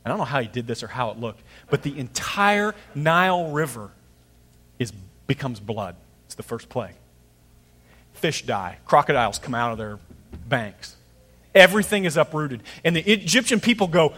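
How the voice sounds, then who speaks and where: A middle-aged male pastor delivering a sermon, his voice sitting a little higher than most men's. He talks in a loose, conversational way and slips into quick voices for the people in his stories. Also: expressive, a bit bright, breathy edge, big-room sound. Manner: conversational, storytelling preacher acting out voices.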